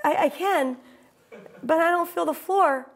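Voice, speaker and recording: A woman's voice: extremely high pitch, unhurried. A woman performing a wry, breathless theatrical monologue from a solo stage show.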